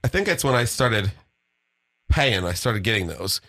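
A man with a bright, forceful voice co-hosts a loose community radio show. He rambles through plugs and links, stumbling over fillers and tossing in crude jokes. He sounds like he's talking into a studio mic. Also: on the low side, sing-song, normal speed. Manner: rambling, joking station announcements with fillers. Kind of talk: crude casual radio banter.

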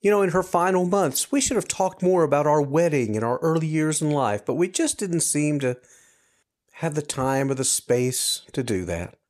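A man's voice: fairly high pitch, expressive, normal speed, darkish tone. Guy in his 50s doing a podcast monologue, earnest, reflective, lots of ups and downs in his voice. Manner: earnest, reflective, direct to listeners. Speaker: podcast host. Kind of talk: personal monologue.

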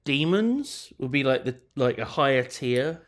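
A woman's voice: extremely low pitch, animated, unhurried. A woman co-hosting a casual chat, retelling a story with lots of hedging fillers and laughing easily.

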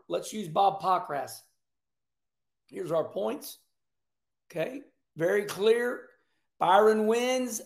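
A high-pitched, gravelly older man talks through a race in a loose, chatty commentary. He jokes and drifts into asides as he goes. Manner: chatty, joking, animated asides. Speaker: racing commentator. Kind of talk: casual commentary vlog.

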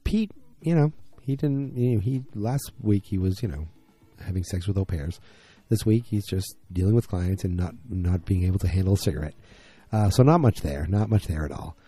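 Deep, dark-voiced man recapping casually. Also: moderate pace, hardly any pauses, slightly rough. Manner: rambling, conversational, acts out characters' lines. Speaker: episode recap podcaster.

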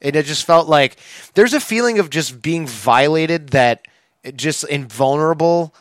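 A man's voice: a little high, lively intonation, unhurried, fairly bright tone, no echo. A man from Michigan telling a story in a casual podcast chat, acting out the voices of the people he quotes.

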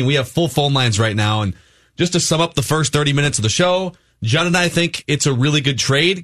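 Bright-voiced male sports radio host. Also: mid-range voice. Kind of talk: casual sports talk radio.

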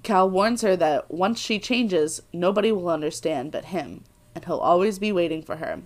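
A young woman co-hosting a podcast, casually recapping a TV episode in animated, laughing chat with some swearing. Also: lowish voice, moderate pace. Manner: animated, laughs often, swears when excited. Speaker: podcast co-host, first-time watcher.

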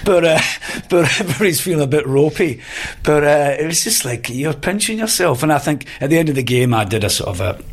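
A Scottish actor, a guest on a podcast interview, telling anecdotes in a rambling, hesitant way with many fillers. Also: male voice, a little high, expressive, a little fast, slightly rough.

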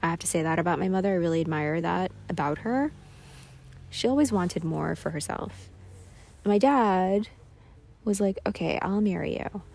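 A woman's voice: fairly low pitch, lively intonation, normal speed, gravelly, darkish tone. A tired woman hosting a solo podcast, talking candidly and self-deprecatingly, swearing and laughing often. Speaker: podcast host. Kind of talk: confessional solo podcast monologue.

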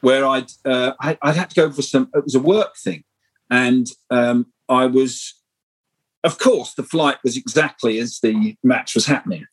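A middle-aged man telling animated, rambling stories as a guest in a casual podcast interview. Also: mid-range voice, unhurried, breathy edge, low-quality recording. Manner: animated, rambling anecdotal storytelling. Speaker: guest screenwriter.

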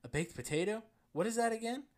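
A man with a New Jersey accent, co-hosting a podcast in casual chat, reading a story with a deadpan delivery and bursts of laughter. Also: high voice, quick pace. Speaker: podcast co-host.

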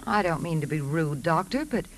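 An actress playing a sharp, inquisitive woman who writes for pulp magazines, talking in an insistent, probing way. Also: sits low, expressive, normal speed, low-quality recording.

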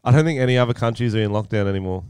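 An Australian man in his thirties with a smooth, resonant voice, co-hosting a casual podcast. He tells stories with lots of energy and swearing and acts out every scene. The sound is dry and close. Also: mid-range voice, very fast, dry recording. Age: 30s. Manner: animated swearing storyteller who acts out scenes. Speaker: podcast co-host.

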